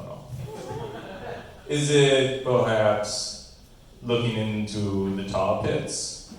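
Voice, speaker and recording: A comedian on a live comedy stage, playing a pompous, self-satisfied male TV auteur with a slow, deadpan manner. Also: fairly low pitch. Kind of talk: live stand-up character bit. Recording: echoey club room, voice from far off the mic.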